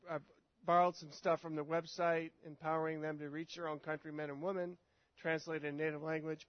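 A man's voice: fairly high pitch, no room sound. A man introducing a guest ministry to an audience, matter-of-fact. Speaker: event host introducing a guest. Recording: dry, muffled lo-fi sound.

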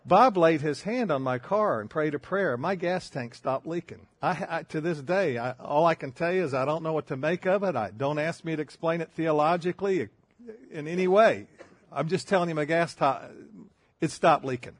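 A man's voice: on the high side, normal speed, dry recording. An older man preaching a sermon, telling folksy stories with self-deprecating humor. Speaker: pastor.

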